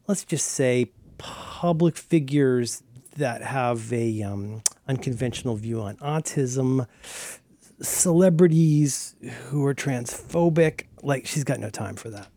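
An animated man chats casually on a podcast, rambling and restarting his sentences often. His voice sits at a middling pitch, close and dry with no room sound. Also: slow pace, no room sound. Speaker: podcast co-host. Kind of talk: casual chat.

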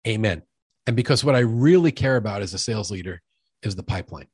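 A man's voice: on the low side, lively intonation, fast talker, breathy edge, no echo, studio quality. A middle-aged man guesting on a sales-leadership interview, talking energetically and emphatically, often acting out quoted dialogue. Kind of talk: conversational podcast interview.

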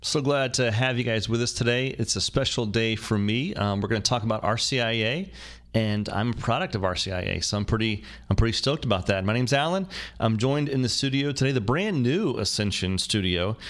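A man's voice: medium pitch, lively intonation, a little fast, fairly bright tone. A man hosting a podcast in casual chat, rambling and joking with many fillers and restarts. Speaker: podcast host. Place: new studio with construction noise.

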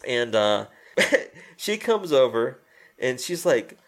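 A man chatting casually about a film, his voice at an ordinary middle pitch. He retells scenes animatedly, jumping into the characters' lines, swearing freely and laughing along the way. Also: big pitch swings, slow pace. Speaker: co-host discussing a film. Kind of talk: casual chat.

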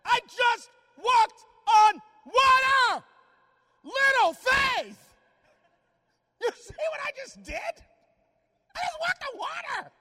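Man doing a bold indignant apostle, very high and shouting, swooping delivery, echoing hall. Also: animated, very slow, pauses often, exaggerated voice. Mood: indignant boasting. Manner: shouting, exasperated, boastful. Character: brash, indignant male apostle Peter.

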